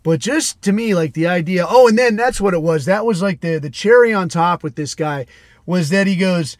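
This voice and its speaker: A man rants alone on a podcast in a fairly high voice, swearing freely and answering himself in mocking voices. He sounds sarcastic and exasperated. The sound is dry and close, with no room echo. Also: expressive, a little fast. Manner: profane, sarcastic, mimics people he mocks. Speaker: podcast host. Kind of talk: casual solo rant.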